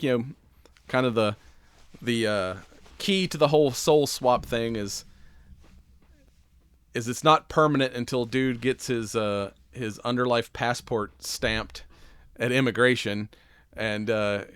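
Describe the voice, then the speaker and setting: A man's voice: mid-range voice, a bit bright, clear, resonant tone, dry recording. Man, podcast host; rambling, giggly, profane retelling; dry, close sound. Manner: rambling, laughs often, swears freely. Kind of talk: casual chat.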